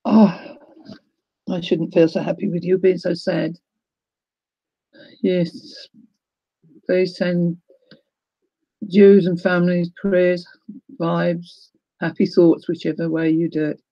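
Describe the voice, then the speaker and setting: A woman chats live to her viewers as she unboxes crafting supplies, gushing and exclaiming, her voice tearful. Her tone is mellow, and the recording is dry and slightly muffled. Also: lowish voice, level tone, slow pace, long pauses, dry recording. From New Zealand. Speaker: crafting livestream host. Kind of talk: casual live unboxing chat.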